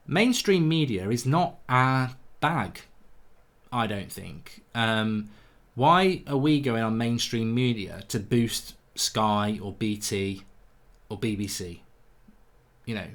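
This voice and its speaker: A man hosting a live football fan stream, reading chat comments aloud and answering in a blunt, opinionated way with frequent restarts. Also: mid-range voice. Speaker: football fan channel host.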